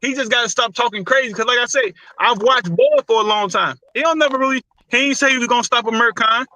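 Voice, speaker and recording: A man's voice: extremely high pitch, fast, bright, forceful tone, no echo, low-quality recording. A man hosting a casual boxing talk show, loose and opinionated, with a lot of slang and repeated words. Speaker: boxing podcast host.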